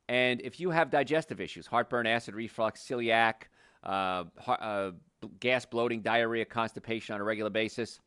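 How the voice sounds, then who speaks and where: A man's voice: lowish voice, a bit bright, dry recording, clean studio sound. An older man, a chiropractor hosting a health show, explaining conversationally with restarts and stressed words. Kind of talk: health talk monologue.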